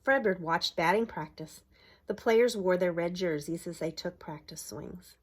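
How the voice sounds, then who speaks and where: Reading to young children, a middle-aged preschool owner speaks a little slowly in a lowish voice. She holds up the picture book's pages, points to the illustrations, quizzes her listeners, and puts on a bright, exaggerated tone whenever there's something to cheer.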